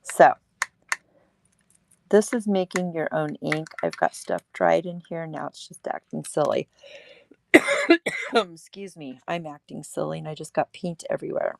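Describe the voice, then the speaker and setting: A woman's voice: low-pitched, expressive, moderate pace, vocal fry, background noise. A woman hosting a casual livestream craft demo at her table, chatty and laughing at herself.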